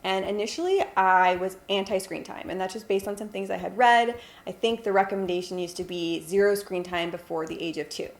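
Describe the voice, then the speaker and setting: A young woman talks straight to camera in a casual vlog, earnest and explanatory, walking through her parenting routine step by step. Her pitch sits in the ordinary middle for a woman, and the room around her is noticeably echoey. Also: fairly even intonation. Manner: earnest, explanatory, models slow simple phrases for a toddler. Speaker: vlogger, stay-at-home mom.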